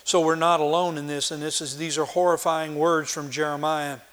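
A man who is a pastor, reading scripture aloud with slow drama and then teaching in plain words with small restarts. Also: a little high, level tone, a bit bright.

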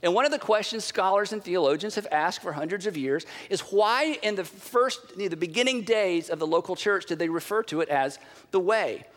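A man with a high voice preaches to his congregation in a large church, his words trailing into a long hall reverb. He delivers the sermon in an animated way, pausing for effect and acting out the quotes. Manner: animated preaching with dramatic pauses and acted quotes. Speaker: pastor.

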